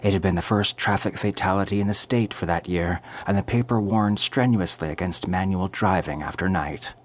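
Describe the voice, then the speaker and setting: A man narrating a first-person story in a measured, brooding way. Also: low-pitched.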